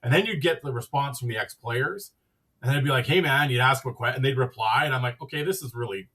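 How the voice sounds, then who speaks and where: A man's voice: mid-range voice, quick pace, pushed and bright, far from the mic. A man hosting a podcast, telling a casual, rambling story and acting out the dialogue with "I'm like" and "he goes.". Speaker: podcast host.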